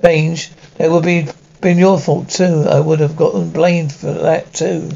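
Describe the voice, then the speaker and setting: Coarse villager, rough indignant tavern storytelling, gravelly, dull lo-fi cartoon audio. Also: male voice, a little high, little pitch movement, a little slow, dark tone. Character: crude coarse male villager telling a bawdy tavern tale.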